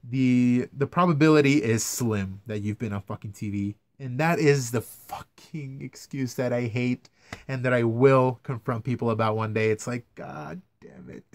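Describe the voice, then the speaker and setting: A man's voice: mid-range voice, moderate pace, a little mellow. A young man ranting casually to camera about his news camera work, swearing a lot and sounding exasperated. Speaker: vlogger, news camera operator.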